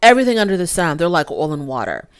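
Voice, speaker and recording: A woman's voice: fairly low pitch, big pitch swings, fast, clean tone. A woman giving casual, opinionated commentary as a reality TV reviewer, calling her viewers y'all.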